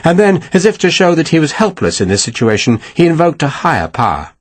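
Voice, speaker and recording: A man narrating a novel as an audiobook in an expressive storytelling manner. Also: a little high, fast talker, few pauses, dry recording. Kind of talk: scripted narration.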